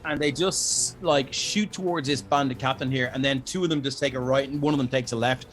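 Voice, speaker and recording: A man's voice: mid-range voice, steady tone, brisk, fairly bright tone, soft background music. A man running a tabletop game as game master on a live stream, casual, swearing freely and making sound effects.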